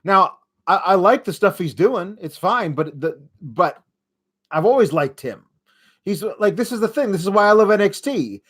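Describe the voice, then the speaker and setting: A man's voice: high voice, lively intonation, normal speed, fairly bright tone, husky. A young man hosting a podcast, giving a casual, sarcastic wrestling recap and mocking the wrestlers as he goes. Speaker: podcast host.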